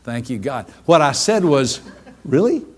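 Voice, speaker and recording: A man's voice: medium pitch, moderate pace. A man, a business coach telling stories to a seminar audience and acting out the voices of people in them. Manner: animated, acts out quoted voices. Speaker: business coach giving a training. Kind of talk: live seminar storytelling.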